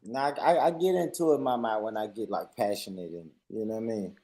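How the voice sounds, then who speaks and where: A man from Tennessee with a Southern accent, excitable and goading in casual chat. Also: fairly low pitch, quick pace.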